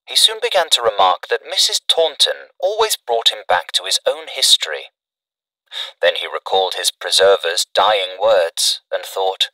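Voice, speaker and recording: A man giving a measured, dramatic scripted narration of a classic story. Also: sits low, bright, forceful tone, dry recording, distant mic, poor audio.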